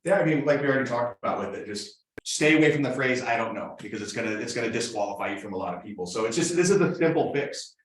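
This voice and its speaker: A man in his thirties co-presenting a real estate training in a casual, quick way with many fillers. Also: medium pitch, lively intonation. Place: meeting room with audience. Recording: echoey room.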